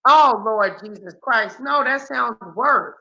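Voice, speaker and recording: A woman's voice: on the high side, slow pace, vocal fry, pushed and bright, muffled recording. A woman hosting a casual live-stream chat, exclaiming often and teasing her callers. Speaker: host.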